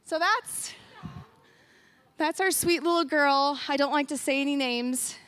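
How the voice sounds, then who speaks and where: High-voiced woman telling a church testimony. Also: measured pace, fairly bright tone. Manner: earnest, emotional, acts out her own past thoughts. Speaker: guest speaker sharing a ministry testimony.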